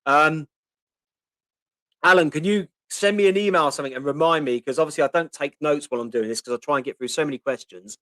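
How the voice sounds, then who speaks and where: Speaking quickly in a fairly high, slightly bright voice, a Portsmouth man in his fifties hosts a chatty live-stream Q&A. Many ums fill his talk as he reads viewer questions aloud and responds. There is no echo.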